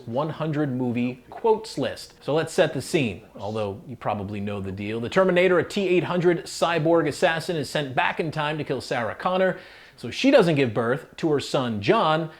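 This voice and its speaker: Upbeat man hosting a countdown. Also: fairly high pitch. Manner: upbeat, chatty with playful asides. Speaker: host. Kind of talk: casual countdown narration.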